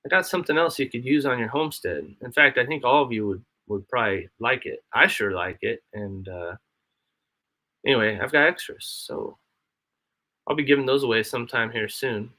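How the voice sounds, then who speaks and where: A man's voice: mid-range voice, expressive, normal speed, bright, forceful tone. A man hosting a casual live stream from his homestead, chatting in a rambling way and answering his chat aloud. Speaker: livestream host. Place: home, homestead.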